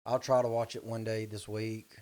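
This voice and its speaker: A man's voice: on the low side, flat delivery, normal speed, darkish tone. A man co-hosting a podcast in easygoing, teasing casual chat. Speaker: podcast co-host.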